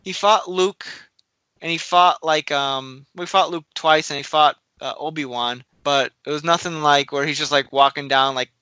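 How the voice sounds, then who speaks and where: Bright-voiced rambling man podcasting. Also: fairly high pitch, fairly even intonation, normal speed, smooth, dry recording, dull audio. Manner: rambling, laughs at own slips. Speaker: podcast co-host. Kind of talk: casual chat.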